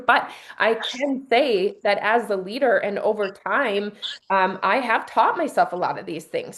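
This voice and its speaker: An upbeat woman leads a small workshop group, coaching them through slow breathing and talking about focus and leadership. Her voice sits at an ordinary middle pitch, and her delivery is friendly and encouraging. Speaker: team leader running a workshop. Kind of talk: motivational workshop talk.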